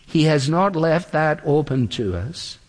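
A man preaching an earnest expository sermon. He slows down when he quotes scripture. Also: on the high side, animated, big-room sound.

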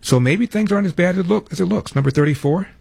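A man hosting a talk radio show, giving assertive, rapid political commentary. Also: high voice, vocal fry, darkish tone, husky, dry recording.

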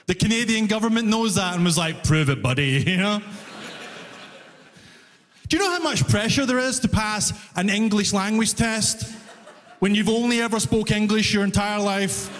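Glasgow comic, high-pitched, animated self-mocking stand-up, reverberant stage sound. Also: male voice. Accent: Scottish, Glasgow. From Scotland. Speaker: stand-up comedian. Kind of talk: stand-up comedy set. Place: comedy club stage with audience. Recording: live stage with long reverb.

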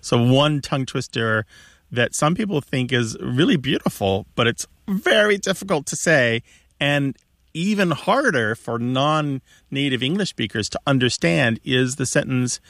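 A man co-hosting a radio talk show, explaining things in a knowledgeable, lively way. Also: medium pitch, unhurried, no room sound, studio quality. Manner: knowledgeable, lively, laughs easily.

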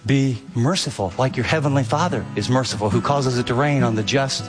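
A man preaching a sermon on a radio broadcast, animated, acting out the inner voices of his listeners. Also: medium pitch, fairly quick, big-room sound, over music. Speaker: pastor.

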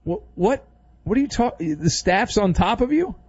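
A man hosts a sports talk radio show in a playful, teasing way. His fairly high voice moves about with lots of life. The sound is dry and a bit dull. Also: animated, normal speed, a little mellow, husky, no room sound.

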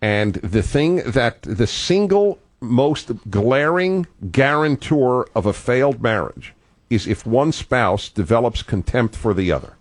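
A man's voice: medium pitch, animated, unhurried. An older man hosting a call-in radio talk show, thoughtful and digressive, often restarting his sentences.

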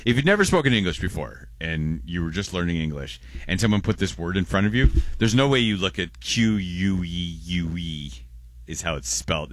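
Playful man with a deep, lively voice. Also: dry recording. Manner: playful, wordplay-loving, animated. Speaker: podcast co-host. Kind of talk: casual chat.

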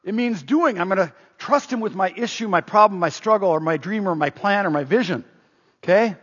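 A man preaching a sermon in an energetic, emphatic way, moving between loud stresses and quiet asides. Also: sits high, a little fast, slightly rough. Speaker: pastor. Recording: dull, echoing hall sound.

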